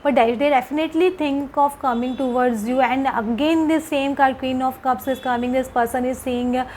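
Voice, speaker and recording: A woman's voice: sits high, steady tone, normal speed, darkish tone, slight background noise, rough recording. A woman giving a casual tarot card reading, hesitant and repetitive, with many fillers. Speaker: tarot reader.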